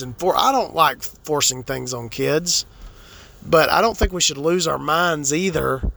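Casual vlogger, a man with a raspy, gravelly edge, blunt and cussing freely. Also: fairly high pitch, bright, forceful tone. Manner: profane, blunt, exasperated. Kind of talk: casual ranting vlog.

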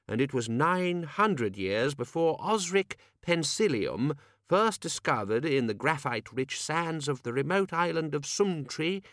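A man's voice: no room sound, clean studio sound. A man voicing a fussy, pedantic older male wizard scholar who reads things out hesitantly. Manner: high, hesitant, bookish.

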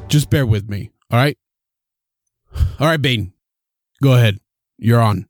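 A man's voice: mid-range voice, moderate pace, long pauses. Exasperated podcast host man over music. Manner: exasperated, casual and swearing. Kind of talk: comedy sketch podcast.

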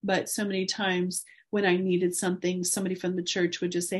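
A woman in her forties, a guest in an interview, speaking earnestly and encouragingly about her faith with soft laughs. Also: on the low side, little pitch movement, a little fast, breathy edge.

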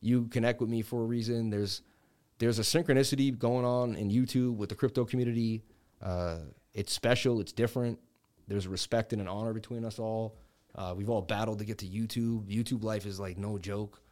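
A man in his thirties from the Boston area hosts a casual crypto livestream, telling rambling stories peppered with "like" and "you know, man." His voice is lowish and a little mellow, with a steady tone and a slightly fast pace.

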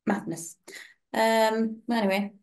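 A young woman with a fairly high voice speaks slowly, telling stories in a casual podcast chat as a co-host. Her storytelling is animated, and she acts out the voices of the people she quotes.

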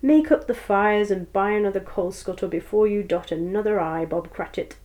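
Gruff, growling old miser man, voiced by a woman reader for a storybook. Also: medium pitch, moderate pace, very noisy, natural voice. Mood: gruff-jolly. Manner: growling, exclaiming.

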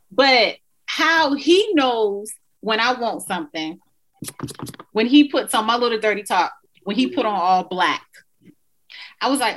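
A woman's voice: on the high side, lively intonation, slow, pauses often, a bit bright, low-quality recording. A woman in her thirties hosting a podcast, telling stories and laughing in casual chat. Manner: chatty, laughing, playful storytelling. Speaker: podcast host.

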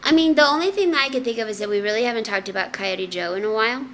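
A woman co-hosting a podcast, telling a family story in casual, profane, animated chat. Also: on the high side, very fast, slight background noise. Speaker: podcast co-host.

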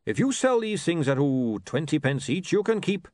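A man doing a calm, shrewd dwarf printer. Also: a little high, normal speed, no echo, studio quality, pitched above the performer's own voice. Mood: businesslike. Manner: calm, blunt, businesslike.

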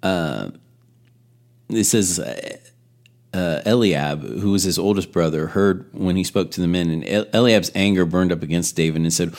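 A man teaches scripture in a relaxed, chatty sermon style. He retells the story with offhand asides and quick self-corrections. His voice sits on the low side. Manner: casual, storytelling with asides and restarts. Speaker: Bible teacher.

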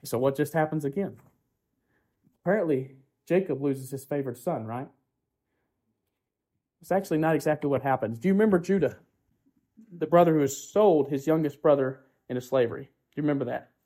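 A man's voice: a little high, a little fast, pauses often, mellow. A man preaching a sermon who keeps asking the congregation rhetorical questions, often tagging "right?", and builds his points through repetition.

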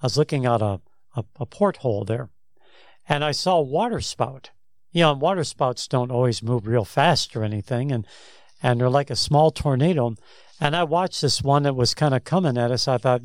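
A man's voice: mid-range voice, normal speed, no room sound, studio quality. A man co-hosting a Christian talk show, telling stories in a rambling way that restarts and repeats words. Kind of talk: casual faith discussion, storytelling.

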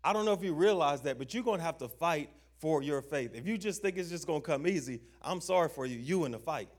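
A man's voice: fairly high pitch, animated. Emphatic young preacher man. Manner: emphatic, call-and-response questions; slow stressed scripture reading, informal grammar. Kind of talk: sermon.

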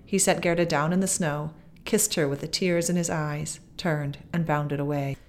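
A woman narrating a fairy tale aloud in a measured, expressive reading. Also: low-pitched. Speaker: podcast guest reading aloud. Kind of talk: storybook narration.

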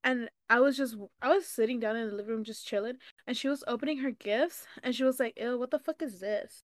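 A young woman co-hosting a podcast, telling stories in casual chat, animated and swearing freely. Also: a little high, quick pace, no echo, clean studio sound. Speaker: podcast co-host.

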